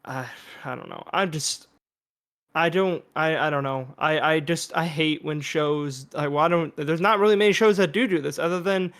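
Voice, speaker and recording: A man's voice: a little high, moderate pace, a bit bright. A man co-hosting a podcast in casual chat, hesitant, with many fillers and restarts. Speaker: podcast co-host.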